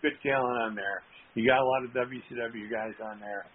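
A man's voice: mid-range voice, steady tone, moderate pace, slight background noise. A man, a wrestling promoter and wrestler, tells rambling anecdotes with quoted dialogue on a call-in show. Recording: tinny phone line.

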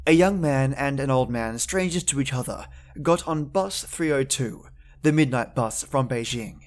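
A man hosting a horror podcast, telling urban legends in theatrical, chatty scripted narration. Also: on the high side. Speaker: podcast host and storyteller.

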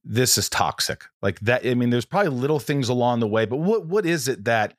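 A man's voice: mid-range voice, expressive, a little fast, dry recording, clean studio sound. A man hosting a podcast interview, talking in a rambling, casual way, often restarting his sentences and swearing now and then. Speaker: podcast host.

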